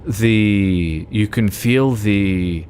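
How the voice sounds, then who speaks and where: Tipsy man, low and slow. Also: a little mellow, slight background noise. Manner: rambling, emotional, laughs often, swears. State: tipsy from alcohol. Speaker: streamer. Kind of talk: casual gaming stream chat.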